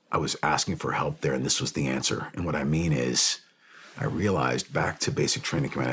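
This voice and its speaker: A man's voice: a bass voice, a little hiss or hum. A man in his forties, a Navy officer, speaking earnestly about faith and forgiveness in a podcast interview, building to impassioned emphasis at times. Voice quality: very smooth, resonant. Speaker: podcast guest, Navy SEAL captain.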